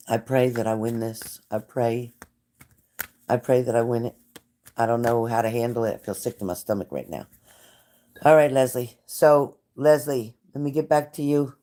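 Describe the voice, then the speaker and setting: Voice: medium pitch, dark tone. A psychic reader hosting a casual live stream who talks straight to viewers by name, repeats phrases and gets emotional and fervent.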